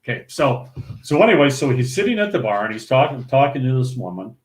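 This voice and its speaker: A man's voice: medium pitch, fast talker. An older man from St. Paul, Minnesota, a podcast guest telling a casual story with laughs and restarts. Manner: animated, laughing anecdote-telling with many restarts. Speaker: podcast guest, former pro bowler. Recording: roomy echo.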